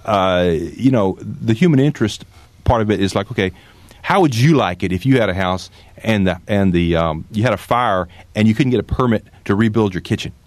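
A man appearing as a guest on talk radio, telling stories in an animated way and cracking sarcastic jokes. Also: on the low side, fairly quick, no echo.

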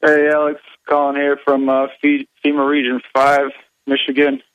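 Deadpan sarcastic male caller. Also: mid-range voice, normal speed, clean tone, no echo, narrow, tinny audio. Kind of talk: sarcastic phone-in call.

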